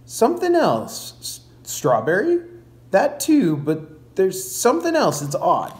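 A man reading aloud, voicing a quiet, withdrawn preacher father in a soft, subdued way. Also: sits high, wildly swooping pitch, takes it slowly, voice pushed up, exaggerated voice.

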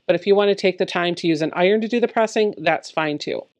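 A woman's voice: fairly low pitch, quick pace, darkish tone, dull audio. A woman giving a step-by-step quilting tutorial, explaining each step plainly in a friendly, encouraging way. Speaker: quilting instructor.

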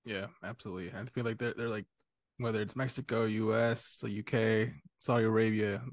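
A man's voice: lowish voice, flat delivery, brisk, no echo, studio quality. A man co-hosting a casual interview, easygoing and agreeable as he asks questions. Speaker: co-host.

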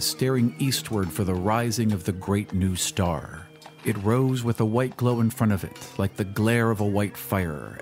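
A man with a low voice narrates a story in a measured, dramatic way. Faint music plays softly beneath his reading. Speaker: audiobook narrator. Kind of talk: scripted narration.

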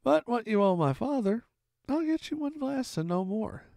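A man's voice: very high-pitched, big pitch swings, normal speed, gravelly, dark tone, dry recording, pitched above the performer's own voice, full character voice. A man voicing a young innkeeper's boy who speaks earnestly and firmly in a storybook reading. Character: young innkeeper's boy, polite but firm. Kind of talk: audiobook reading.

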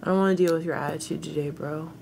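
A woman's voice: low-pitched, fairly even intonation, quick pace, gravelly, noisy background. A young woman from the United States on a casual live stream, chatty and teasing, reading viewer comments, laughing often and talking back to her viewers. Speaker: livestreamer.

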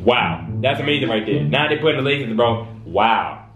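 A man casually reacting to videos for his viewers, excitable and slangy, often drawn-out in his amazement. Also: mid-range voice. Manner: excitable, slangy, talks to viewers, lots of "bro" and "wow". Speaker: YouTube reaction host. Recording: echoey room with music behind.

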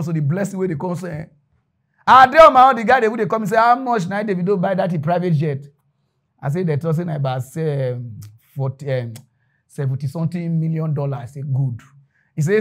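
A man with a Nigerian accent telling a comic story in Pidgin, jumping between loud bursts and hushed asides. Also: high-pitched. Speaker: comedian storyteller.

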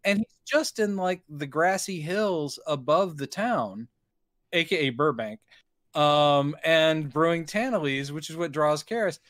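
A man's voice: a little high, animated, a little slow, a bit bright, dry recording, clean studio sound. A man co-hosting a podcast, giving wry, mocking commentary on a movie with some swearing. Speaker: podcast co-host. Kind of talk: casual film discussion.

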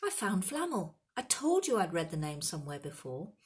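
A woman's voice: fairly low pitch, very animated, normal speed, breathy edge, heavily acted. A woman reading the lines of a worried schoolboy in a storybook, her voice rising with urgency. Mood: excited. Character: boy student, worried and earnest.

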